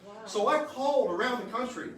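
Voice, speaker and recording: A state senator gives an informal political speech to a live audience in an extremely high-pitched, fairly quick, slightly bright voice. Fired up and joking, he keeps quizzing the crowd with questions. The room is very echoey and he stands far from the mic.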